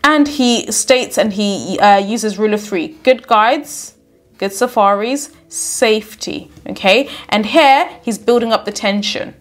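A woman's voice: medium pitch, unhurried. A woman teaching an exam lesson and explaining a story extract, often checking in with "okay?" as she goes. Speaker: English teacher.

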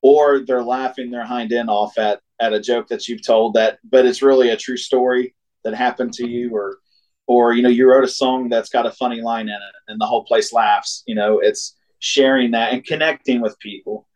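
A man's voice: medium pitch, normal speed, rough recording. A man, a singer-songwriter from Ohio, telling a road story in casual chat, laughing often and acting out the voices of people in the story. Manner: animated, laughs often, acts out quoted voices.

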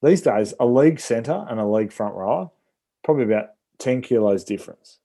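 A man's voice: medium pitch, animated, fairly quick, dark tone. A man chatting casually about sport, with lots of "like" and "you know".

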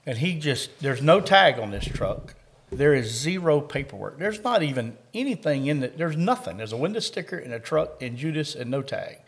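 A middle-aged Kentucky man with a Southern drawl, his voice sitting a bit high for a man. He tells a long, rambling hunting story in a folksy, storytelling way, laughing at the funny parts. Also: sing-song, moderate pace, vocal fry, a little hiss or hum. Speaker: coon hunting dog handler. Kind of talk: telling a story in an interview.

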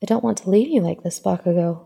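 Woman voicing an earnest young heroine, emotional, higher and louder, gravelly, long reverb. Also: fast. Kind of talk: fan fiction reading.

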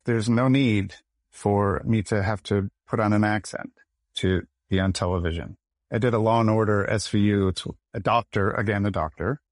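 A man's voice: on the low side, normal speed, dry recording, clean studio sound. A man from Michigan, an actor and podcast guest, telling a story in a casual interview and acting out the quoted lines. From United States, Michigan. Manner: animated, acts out quoted dialogue.

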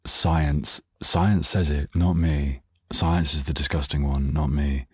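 Male podcast host, unhurried delivery, dry close sound, jokey and rambling. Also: very deep voice, fairly even intonation, darkish tone, husky, no room sound. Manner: playful, rambling, goes off on tangents. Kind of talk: casual solo podcast monologue.

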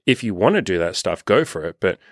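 A man's voice: low-pitched, sing-song, a little fast, no room sound, clean studio sound. A young man coaching on dating in a loose, unscripted monologue, cursing freely and acting out what people say. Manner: loose and unscripted, swears freely, acts out quoted voices. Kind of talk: casual podcast monologue.

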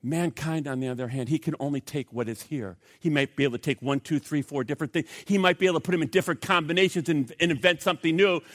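A man preaching a sermon as pastor, swinging from loud emphasis to hushed, grave asides. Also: a little high, fast, hardly any pauses. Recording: long reverb of a hall.

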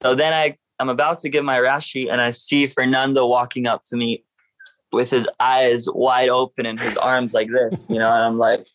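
Young man telling an animated story. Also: medium pitch, normal speed, dry recording. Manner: animated, acts out other people's lines in a raised voice. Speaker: professional surfer guest. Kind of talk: casual storytelling in an interview.

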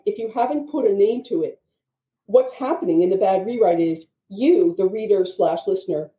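A woman teaching writing craft, explaining in an animated way with quick asides. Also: a little high. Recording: dull, echoey audio.

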